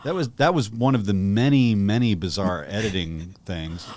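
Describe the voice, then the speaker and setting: A man with a very low voice chats through a film review on a podcast. He muses aloud and often breaks off to restart a thought. The sound is dry and close, with no room around it. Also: moderate pace, a little mellow, no echo. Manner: conversational, musing, self-interrupting. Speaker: podcast co-host. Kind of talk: casual film review chat.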